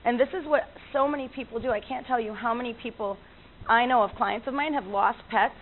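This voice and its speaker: A woman's voice: on the high side, a little fast. A woman who works as an animal communicator, telling stories in a chatty way with frequent laughs and restarts. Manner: chatty, laughs often, many fillers and restarts. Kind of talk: casual storytelling talk. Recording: tinny lo-fi line with faint noise.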